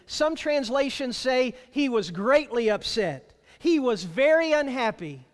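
A man with a very high, highly animated voice delivers a sermon as a pastor. He is emphatic and drags out key phrases slowly for weight. His words ring out with a long reverb from a church sanctuary.

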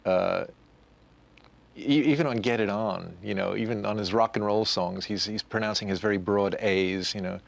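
A man's voice: fairly low pitch, creaky. A man reminiscing in an interview, chatty and full of asides.

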